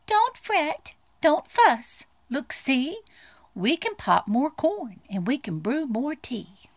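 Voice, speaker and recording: A woman voicing a tiny, fretful mouse in a storybook read-aloud, with a squeaky voice. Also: big pitch swings, takes it slowly, no room sound, heavily acted. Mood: soothing.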